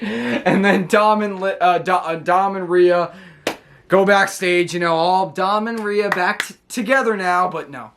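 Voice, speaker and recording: A man excitedly recapping a show in a casual, rambling way, often correcting himself and laughing. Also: sits high, moderate pace. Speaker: wrestling channel host.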